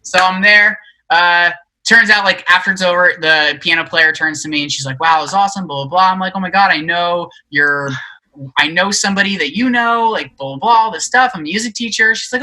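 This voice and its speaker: A man's voice: high-pitched, fairly quick, poor audio. A young man chatting on a podcast, telling a story with lots of fillers and acting out the voices of the people in it. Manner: animated storyteller, acts out quoted voices, many fillers. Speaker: podcast guest, musician. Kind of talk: casual chat, storytelling.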